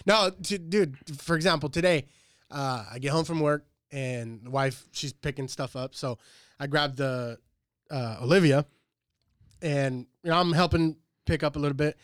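A man's voice: fairly high pitch, normal speed, no echo, clean studio sound. Earnest swearing dad, a man. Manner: profane, earnest storytelling. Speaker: podcast co-host. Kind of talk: casual chat.

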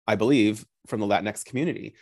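A man co-hosting a podcast in casual chat, animated and chatty, with playful asides. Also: on the low side, fast. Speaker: podcast co-host.

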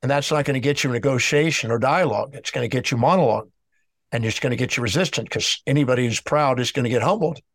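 A man's voice: medium pitch, quick pace, fairly bright tone, no echo. A man telling a story in an interview, lecturing emphatically and acting out both sides of a dialogue. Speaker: speaker on emotional healing.

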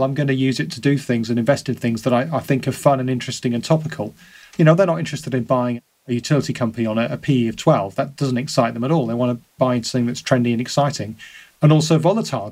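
Man, podcast guest, rapid casual chat, repeats words, average pitch. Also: a little mellow. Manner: quick, chatty, repeats words when thinking. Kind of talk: casual conversation.

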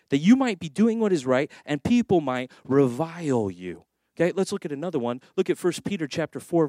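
A middle-aged man preaches as a pastor in a loose, conversational way, acting out little scenes as he goes. His voice sits a bit high for a man. The sound is close and dry, with no room around it. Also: dry recording. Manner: conversational preaching with lively acted asides. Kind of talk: sermon.

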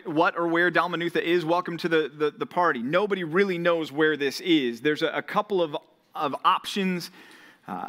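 A young man preaches to a college ministry in an easy, conversational way. His voice is bright and sits a little high. He builds to animated emphasis when reading the words of Jesus. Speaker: pastor. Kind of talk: sermon. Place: church or ministry hall.

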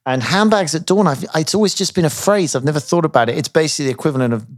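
A man's voice: fairly high pitch, racing. A man hosting a casual conversation, telling rambling anecdotes and laughing often.

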